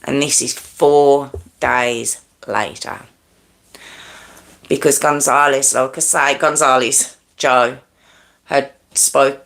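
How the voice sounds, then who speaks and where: A woman's voice: a bass voice, gravelly, fairly bright tone. A woman hosting a true crime livestream, telling the story in a casual, conversational way with many asides and restarts, checking in with her listeners.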